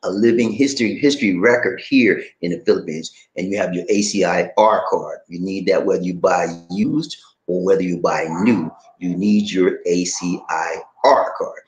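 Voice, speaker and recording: A man's voice: low voice, normal speed, roomy sound, low-quality recording. A middle-aged man hosting a casual livestream, reading out chat comments and giving advice in a folksy, laughing way. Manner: animated, laughing, folksy slang. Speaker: vlog host reading live chat.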